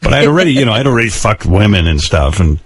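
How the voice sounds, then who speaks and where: An older man tells stories on a talk radio show in a blunt, profane, wry way, his pitch rising and falling a lot as he goes. The studio sound is close and dry, with no room around the voice. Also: sing-song, fast, husky, no room sound. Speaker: radio host. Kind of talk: candid storytelling on talk radio.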